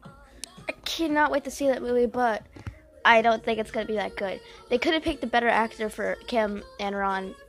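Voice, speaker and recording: A woman's voice: on the high side, moderate pace, soft background music. A woman rambling and joking in a scattered, silly way while making a casual video. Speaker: video maker. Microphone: headphones on, yelling at times. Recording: noisy hiss behind voice.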